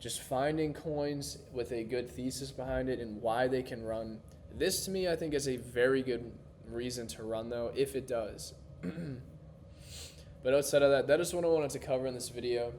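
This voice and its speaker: A man hosting his own crypto video, talking loosely in a casual explainer monologue, often restarting his phrases, his voice a little hoarse. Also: mid-range voice, normal speed, few pauses, a little mellow, a little hiss or hum. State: slightly hoarse.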